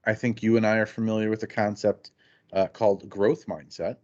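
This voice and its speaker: A man's voice: lowish voice, flat delivery, a little fast, darkish tone. A man co-hosting a casual talk show, telling rambling anecdotes and acting out both sides of conversations. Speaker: podcast co-host. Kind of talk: casual chat. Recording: dull lo-fi sound.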